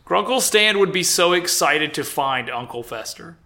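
A man's voice: fairly high pitch, animated, normal speed, few pauses, sharp tone. A man hosting a casual group podcast chat. He rambles, fills his talk with "like" and swears freely. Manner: rambling, heavy with "like" fillers and swearing. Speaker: podcast host running a bracket.

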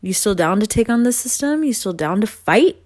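A young woman rambles earnestly to her viewers, laughing often and swearing casually. Her voice sits at a middle pitch. The sound is dry and close, with no room echo. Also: lively intonation, moderate pace, a little mellow. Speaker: vlogger.

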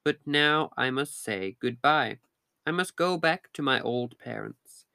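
A man's voice: medium pitch, lively intonation, unhurried, vocal fry, sharp tone, smooth, dry recording, clean studio sound, full character voice. A man reading the lines of a dutiful young fisherman in a storybook, in formal, polite speech. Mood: earnest.

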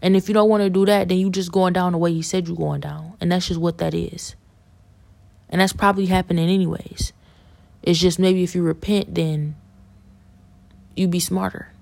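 A woman with a low, gravelly voice gives an impassioned religious testimony as a podcast guest. She talks in a fervent, preachy way and circles back over the same points again and again. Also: steady tone, moderate pace, long pauses, a little mellow.

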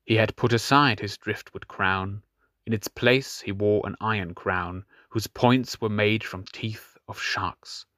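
A man reading a fantasy audiobook in scripted narration, measured and grave, dropping softer on grim details. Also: fairly low pitch, no room sound, studio quality.

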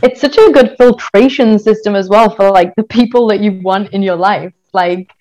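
A woman's voice: mid-range voice, normal speed, a little mellow, rough recording. A woman hosting a casual podcast, frank and supportive, often chiming in with affirmations.

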